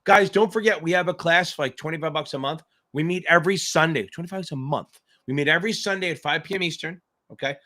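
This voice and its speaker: A male exam tutor hosts a live question-and-answer stream in a loose, joking way. He rambles and swears freely in a slightly high voice. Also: bright, forceful tone. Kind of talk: casual live-stream chat.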